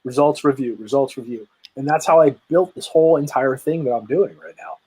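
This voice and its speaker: Husky, energetic man on a call. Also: medium pitch, a little fast, poor audio. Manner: energetic, emphatic storytelling with many restarts. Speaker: guest, lead generation marketer. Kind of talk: casual interview chat.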